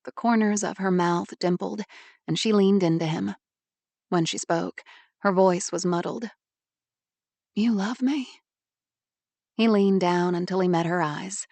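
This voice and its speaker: A woman narrating an audiobook in a measured, even way. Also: fairly low pitch, vocal fry, no echo. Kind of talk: scripted narration.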